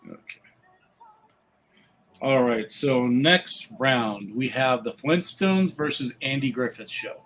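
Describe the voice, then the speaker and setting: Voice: mid-range voice, slow pace, fairly bright tone, low-quality recording. A podcast host running a livestream bracket segment, announcing each matchup casually. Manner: game-show announcing. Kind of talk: casual chat.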